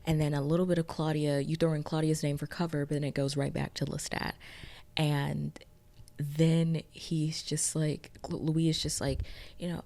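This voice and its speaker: A woman's voice: deep voice, steady tone, a little slow, darkish tone. A woman giving a casual, chatty recap of a TV episode, retelling scenes dramatically with playful exclamations. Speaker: TV recap reviewer.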